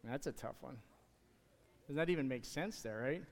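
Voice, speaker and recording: A man talking to the kids in church, giving a casual, halting object lesson from the stage. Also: medium pitch. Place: church sanctuary. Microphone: handheld or stage mic. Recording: hall reverb in a sanctuary.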